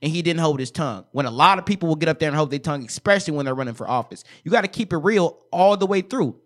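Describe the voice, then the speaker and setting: A man's voice: a little high, expressive, racing. A man hosting a podcast interview, affirming and encouraging with a preacher-like cadence. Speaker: podcast host. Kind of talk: casual interview.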